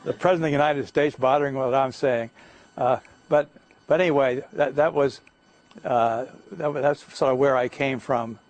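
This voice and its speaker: An older man giving a guest lecture, telling stories in a halting way, with many fillers and restarts. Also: medium pitch, steady tone, no room sound. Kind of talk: anecdotal lecture talk. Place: lecture hall.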